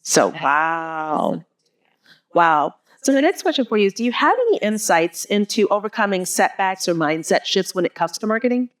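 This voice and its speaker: A woman's voice: mid-range voice, animated. A woman hosting a casual interview show, reacting with frequent "wow"s and relating the guest's points to her own daily life. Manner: reacts with frequent exclamations of "wow" and quick laughs. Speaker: interview host.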